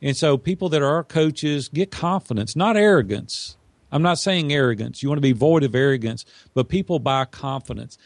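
A male business coach talking emphatically and persuasively in an interview, acting out the dialogue he quotes. His voice sits at an ordinary pitch for a man. The sound is dry and close, with no room echo. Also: lively intonation, normal speed. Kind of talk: casual interview storytelling.

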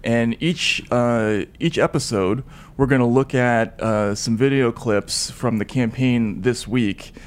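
Man, podcast co-host, relaxed, explanatory, mid pitch, casual chat. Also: takes it slowly.

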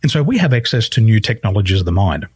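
Appearing as a podcast guest who works as a life coach, this man narrates a story in a fairly low, husky voice, voicing the people he quotes. His pitch moves widely in a sing-song way, and his pace is fast. The sound is close and dry without any echo.

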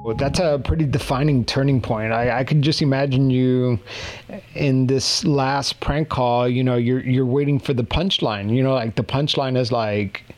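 A man interviewing a guest, asking probing, reflective questions in a measured way. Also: medium pitch, fairly even intonation, darkish tone, soft background music.

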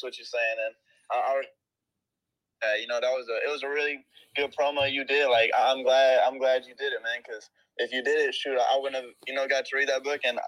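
A man's voice: mid-range voice, fairly bright tone, rough recording. Laid-back young man, casual slang. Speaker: guest, runner. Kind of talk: casual conversation.

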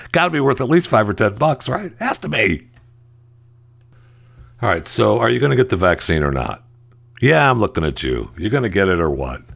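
A man with a low, gravelly voice hosts a podcast and talks through the news in casual, opinionated commentary. He sounds sarcastic and keeps restarting his sentences. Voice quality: deep gravelly voice. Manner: sarcastic, mocking asides with rambling restarts. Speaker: podcast host.

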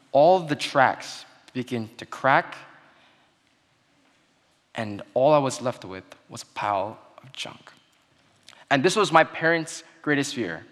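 A young man giving a sermon-style talk, telling a childhood story in an earnest way that goes quiet at the sad moments. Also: fairly high pitch. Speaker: speaker giving a Christmas message. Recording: long hall reverb.

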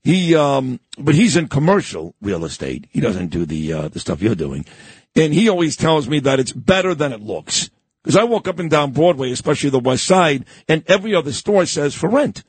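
A male radio host talks in a chatty, animated way, his pitch swinging widely. His voice is husky and somewhat high for a man. It is recorded dry and close in a studio. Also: moderate pace, no echo. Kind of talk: casual radio interview. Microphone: studio microphone.

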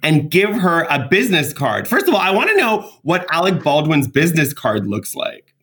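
A podcast co-host chatting about celebrity gossip, with a very lively, swooping pitch. They laugh a lot and keep reacting with open disbelief. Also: normal speed. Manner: laughs often, incredulous reactions. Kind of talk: casual gossip chat.

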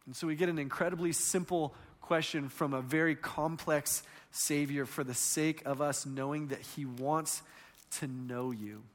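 A man in his thirties preaching a sermon, telling stories in a conversational way that swings between loud and hushed. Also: a little high, steady tone, a little slow, long reverb tail.

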